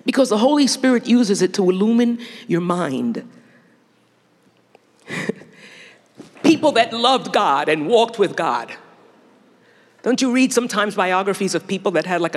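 A middle-aged woman delivers a sermon with a very lively pitch that rises and falls as she speaks. She talks playfully and laughs often. Her voice carries a long reverb from a large hall. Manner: animated, laughing, playful asides.

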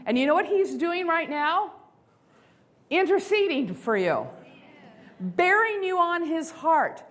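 A woman giving a sermon-style talk, expressive and acting out inner voices, slowing down for emphasis. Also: sits high. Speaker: speaker.

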